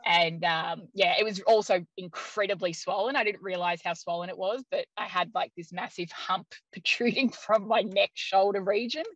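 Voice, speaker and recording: A woman guest telling a story in casual conversation, lively, laughing often and using many "like" fillers. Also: medium pitch, normal speed, few pauses, no room sound, lo-fi sound. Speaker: interview guest.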